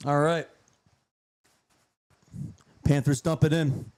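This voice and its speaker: A man with a somewhat high voice talks hockey in a loose, bantering way during a live game broadcast. He teases his co-host, cracks jokes and laughs a lot as the game plays on. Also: flat delivery, takes it slowly, darkish tone. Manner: joking, teasing, laughs often. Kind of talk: casual sports chat while watching a live game.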